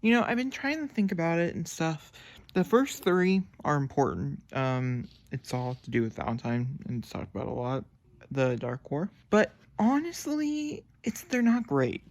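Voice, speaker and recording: A young man chatting casually to camera about a book he is reading, excitable and rambling, with sudden jumps up into high squeals. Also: moderate pace, creaky. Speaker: book reviewer. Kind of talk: casual book vlog chat.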